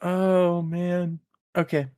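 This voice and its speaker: A man's voice: sits high, completely flat delivery, drawn-out words, darkish tone, clean tone. A man hosting a podcast, chatting casually and reading listener emails aloud. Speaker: podcast host. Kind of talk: casual chat.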